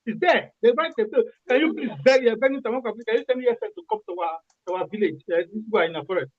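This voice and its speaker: A man's voice: very high voice, sing-song, fast, gravelly, no room sound, muffled recording. A Nigerian man calling in to a radio discussion, impassioned and repeating himself, restarting phrases as he argues. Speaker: caller.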